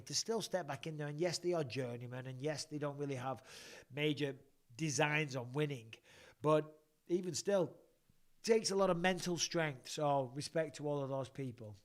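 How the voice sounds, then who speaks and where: A man hosting a casual chat, a retired fighter talking bluntly and swearing freely, often restarting his sentences. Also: on the high side.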